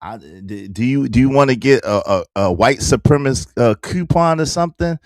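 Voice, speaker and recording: Male stream host, gravelly, dry close mic, teasing chat banter. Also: mid-range voice, lively intonation, normal speed, no echo. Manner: teasing, repeats phrases, talks back to chat. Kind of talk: casual live-stream commentary.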